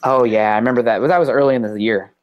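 A man's voice: mid-range voice, steady tone, very fast, smooth, no room sound. A man appearing as a guest draft analyst on a casual podcast, giving assured analysis with some fillers. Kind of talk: casual sports podcast chat.

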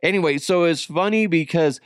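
A man hosting a podcast, telling a family story in a casual, animated way and swearing freely. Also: fairly high pitch, normal speed, no room sound, clean studio sound. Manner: animated, swears freely, acts out quoted voices. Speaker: podcast host.

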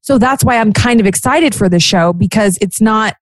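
A woman's voice: medium pitch, normal speed. A heavily pregnant woman talking as a podcast guest. She chats candidly and often restarts her sentences. The sound is dry, close and without any room echo. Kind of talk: casual chat.

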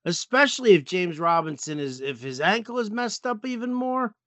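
Casual sports co-host: high, bright voice, dry close sound, profane and exasperated. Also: male voice, sing-song, moderate pace, dry recording. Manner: swearing, exasperated, many restarts.

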